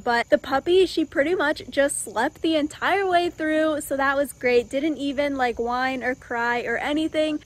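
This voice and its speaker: A young woman chatting casually in her vlog, bubbly and cooing at her pets. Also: high-pitched. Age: young adult. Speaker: vlogger.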